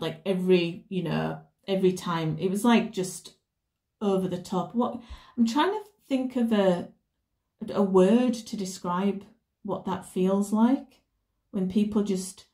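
A woman's voice: mid-range voice, mellow. Rambling woman reading tarot. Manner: rambling, self-correcting storytelling. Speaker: tarot reader. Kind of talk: casual tarot reading chat. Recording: roomy echo.

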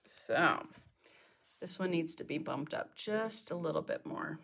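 A middle-aged woman with a slightly low voice leads a live painting tutorial from her studio. She chats casually and talks to herself while she works. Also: expressive, unhurried, gravelly, a bit bright. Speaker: painting teacher. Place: home art studio.

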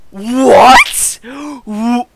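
A gaming video host giving excited let's-play commentary, chatty with viewers, giggling and yelping at surprises. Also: medium pitch, very slow, very noisy. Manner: chatty, talks straight to viewers.

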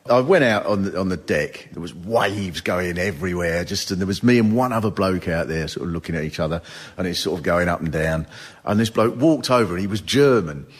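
A man doing stand-up comedy, telling stories with animated, mock-outraged outbursts. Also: sits low, slightly rough, long reverb tail. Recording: noisy live recording with audience laughter.

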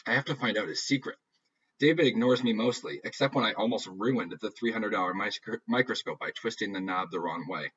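Low, husky man narrating deadpan. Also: fairly quick. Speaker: audiobook reader. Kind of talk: first-person novel narration. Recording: dull lo-fi recording.

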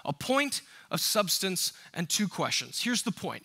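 A man's voice: high voice, very animated, measured pace, vocal fry, hardly any pauses, bright, forceful tone, husky. A man preaching a sermon as a pastor, emphatic and conversational, asking the congregation rhetorical questions. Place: church sanctuary.

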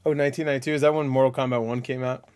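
A man hosting a casual reaction video, rambling and excitable, thinking aloud with many fillers and restarts, laughing and swearing often. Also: mid-range voice, racing, clean tone.

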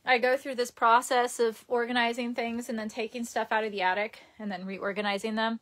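A woman's voice: fairly high pitch, level tone, fairly quick, fairly bright tone. A young woman from Queens, chatting casually with viewers during a livestream from her childhood bedroom and laughing often. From Queens, New York. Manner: chatty, giggly, talks to viewers.

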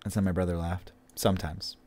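A man's voice: low voice, flat delivery, brisk, very noisy. A man chatting casually on his livestream, rambling, swearing and laughing easily. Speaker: streamer editing his writing.

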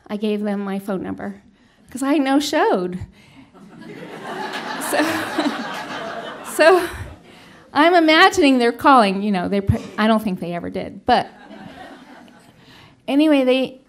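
Earnest woman telling a live story. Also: a little high. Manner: earnest, halting, with restarts and sudden loud yelled lines. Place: small stage venue before an audience.

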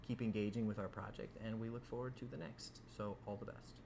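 A man's voice: lowish voice, steady tone, brisk, creaky, warm tone, a little hiss or hum. A man, a film director, hosting a casual, jokey interview and talking effusively with frequent restarts. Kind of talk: casual, playful interview chat.

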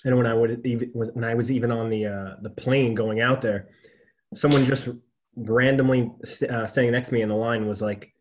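A man's voice: mid-range voice, steady tone, moderate pace. Chatty male podcast host. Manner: chatty, storytelling, laughs often. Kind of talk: casual conversation.

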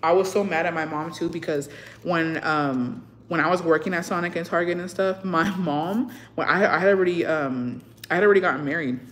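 Profane, animated young woman storyteller. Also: on the low side, brisk. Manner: profane storytelling, slips between English and Spanish; animated, acts out what people said. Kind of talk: casual chat.

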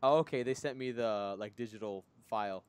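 A man's voice: lowish voice, fairly quick, smooth, dry recording. A man in casual podcast chat, joking and laughing often. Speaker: podcast co-host.

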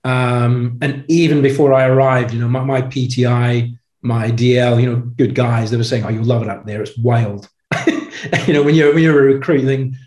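A man's voice: mid-range voice, steady tone, normal speed, darkish tone. Chatty ex-marine man in an echoey room. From United Kingdom. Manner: chatty, repeats words, lots of "you know". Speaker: podcast guest, former Royal Marine. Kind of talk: relaxed interview storytelling.

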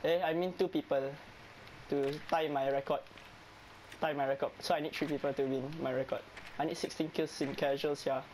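A young man with a Singaporean English accent giving excitable, pleading commentary over live gameplay. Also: on the high side, a little fast, a little hiss or hum, rough recording. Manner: excitable, pleading and whiny with teammates, breaks into laughs. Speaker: gamer streamer.

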